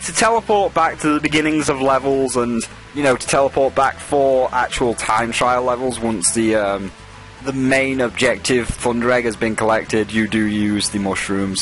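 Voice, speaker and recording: A man's voice: medium pitch, fairly bright tone. A man giving casual gameplay commentary as a let's play host, rambling and jokey with frequent swearing.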